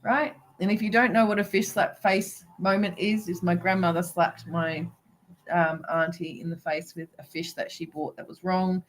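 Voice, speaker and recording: A woman's voice: lowish voice, fairly even intonation, moderate pace, slight background noise, poor audio. A woman who is a spiritual business coach, giving a live video reading in an emphatic, preachy way. She keeps asking "right?", giggles often and swears now and then.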